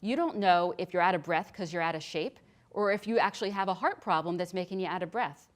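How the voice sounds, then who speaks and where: A woman's voice: lowish voice, fast talker. A middle-aged woman nurse practitioner giving a chatty, practical health lecture. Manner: chatty and practical, with frequent restarts. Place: hospital lecture room.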